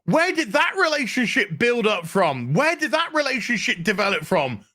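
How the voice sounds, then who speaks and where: Sarcastic, animated reviewer on a profane rant. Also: medium pitch, moderate pace, hardly any pauses. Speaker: TV show reviewer. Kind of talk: ranting review.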